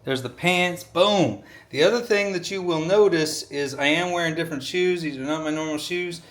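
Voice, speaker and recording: A man's voice: a little high, normal speed, a bit bright. A man talking casually to camera in a vlog, rambling and folksy, often saying "y'all". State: out of breath while running. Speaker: vlogger.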